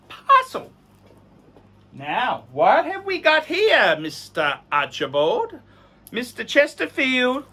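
Lively, bright-voiced middle-aged man. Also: high voice, a little hiss or hum. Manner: excitable, hums while working, mock-sarcastic. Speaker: vlog host. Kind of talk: casual live unboxing.

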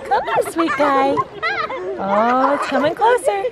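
A woman's voice: sits high, wildly swooping pitch, takes it slowly. A woman filming her baby on a lakeside beach, chatting in sing-song baby talk and laughing often. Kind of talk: casual family vlog chat. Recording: outdoor crowd and noise.

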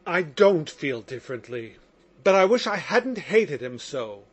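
A man's voice: fairly high pitch, big pitch swings, unhurried, slightly rough, heavily acted. A man voicing an impassioned young man accused of murder, in audiobook narration. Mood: agitated. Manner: impassioned, exclamatory.

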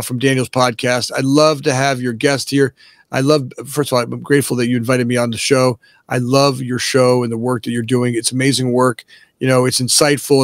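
A man's voice: mid-range voice, no echo. A man as a podcast guest who talks with emphasis and keeps asking "right?" to check the listener is following. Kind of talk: casual podcast interview.

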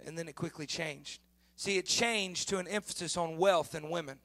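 A middle-aged male pastor with a high, bright voice preaches to his congregation. He talks to them like a friend and then builds to strong, emphatic points. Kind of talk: sermon.

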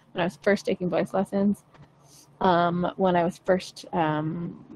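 A woman's voice: on the low side, darkish tone, a little hiss or hum, low-quality recording. A young adult woman teaching singing in a casual, chatty way, frank and playful, swearing now and then. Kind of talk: casual livestream voice lesson.

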